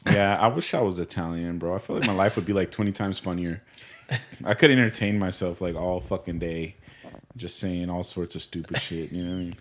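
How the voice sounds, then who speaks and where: A man's voice: sits low, brisk, a bit bright. A man co-hosting a podcast in casual chat, slangy and swearing, laughing often. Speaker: podcast co-host.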